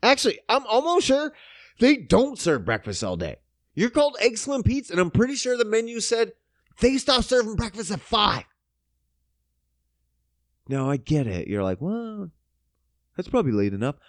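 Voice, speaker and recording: A man ranting casually and sarcastically about a restaurant visit, swearing often and swinging from low mutters to loud outbursts. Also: wildly swooping pitch, moderate pace, long pauses, no echo, studio quality. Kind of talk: casual profane rant to camera.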